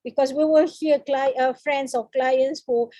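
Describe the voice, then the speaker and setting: A Malaysian woman lectures on counseling in a high-pitched voice, pausing often with fillers and dropping in the odd Malay word. The sound is close and dry, with no room around it, as over a video call. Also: steady tone, dark tone, no echo. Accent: Malaysian English. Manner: halting, many fillers, mixes in Malay words. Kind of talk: seminar lecture.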